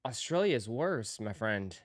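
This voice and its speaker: A man's voice: mid-range voice, sing-song, unhurried, dry recording, studio quality. A man hosting a sneaker live stream, chatting casually with viewers in a laid-back, teasing, slangy way.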